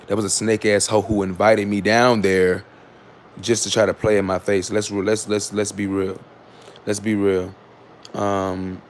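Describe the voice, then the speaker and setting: A man talks straight to his livestream chat in a low, gravelly voice. He rambles and restarts, and his tone is sarcastic and candid. A faint noise sits under the recording. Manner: switches to loud scolding of commenters. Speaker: livestream host. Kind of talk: casual livestream talk to chat.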